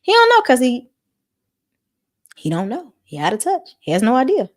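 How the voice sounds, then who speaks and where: Speaking at normal speed, a lively, high-voiced woman who hosts a channel as a mortgage commentator talks casually to camera about money and the economy. Her manner is animated and folksy, and she mock-quotes others in high voices.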